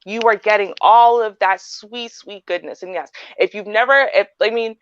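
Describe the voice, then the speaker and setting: A woman's voice: medium pitch, moderate pace, dry recording. A woman hosting a podcast in casual chat, explaining her points with emphasis, one by one. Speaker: podcast host. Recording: dry, dull lo-fi sound.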